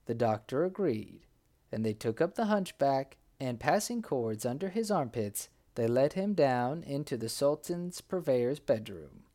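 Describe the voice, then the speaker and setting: A man's voice: medium pitch, measured pace. A man reading a folk tale aloud as narrator, bringing the characters' cries to life. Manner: lively, acts out the characters' cries. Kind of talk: storybook reading.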